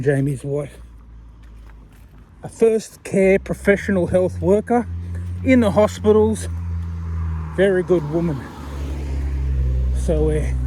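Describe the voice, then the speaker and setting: High-voiced man rambling on a night walk. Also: warm tone, a little hiss or hum. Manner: rambling, chatty, laughs often. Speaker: vlogger. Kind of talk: casual walking vlog. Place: outdoors on a street at night.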